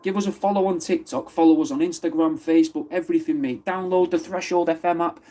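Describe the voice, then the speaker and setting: A man's voice: on the high side, fairly even intonation, fast, dark tone. A man from Manchester with a Mancunian accent, chatting casually on a live stream, answering viewers' comments and swearing freely. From Wythenshawe, Manchester. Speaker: livestream host.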